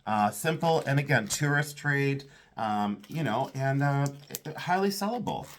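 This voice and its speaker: A man sorts vintage jewelry and talks through each piece in a casual, excited way, musing aloud as he goes. His voice sits at an ordinary middle pitch. A faint hiss runs under the recording. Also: measured pace. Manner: enthusiastic, thinks aloud while sorting. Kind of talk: casual unboxing commentary.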